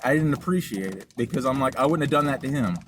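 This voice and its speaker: A young man co-hosting a podcast, telling a story in a casual, animated and profane way. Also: mid-range voice, fast. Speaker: podcast co-host. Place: car during a delivery drive. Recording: loud road and ambient noise.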